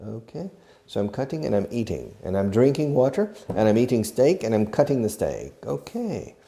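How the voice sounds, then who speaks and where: A man's voice: mid-range voice, very animated, moderate pace, creaky, warm tone. A man teaching English verbs, acting each one out, spelling words and repeating phrases, with asides in Spanish. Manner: switches into Spanish to explain. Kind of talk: slow demonstrative language lesson.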